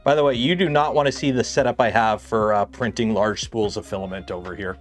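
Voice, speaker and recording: A man's voice: lowish voice, fairly even intonation, brisk, soft background music. A man hosting a livestream, chatting in a rambling, filler-heavy way with plenty of "like" and "uh" while he works at his bench. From Canada. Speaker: livestream host. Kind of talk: casual livestream chat.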